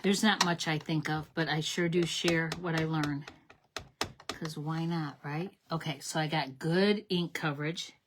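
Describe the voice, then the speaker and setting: A middle-aged woman with a low-sitting voice, fairly even intonation, and a measured pace hosts a card-making tutorial on her craft channel. Enthusiastic and talkative, she calls her viewers "you guys," lays out each step, and regularly corrects herself.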